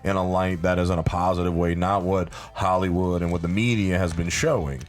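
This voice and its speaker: A man's voice: sits low, fairly even intonation, brisk. A man from South Louisiana with a Cajun accent, talking bluntly and with energy as a podcast guest, swearing freely. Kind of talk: casual podcast chat.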